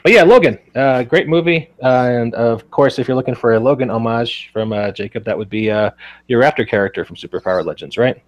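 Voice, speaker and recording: A man's voice: medium pitch, brisk, lo-fi sound. A man in his forties hosting a podcast in casual chat, rambling with lots of fillers and easy laughs. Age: 40s. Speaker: podcast host.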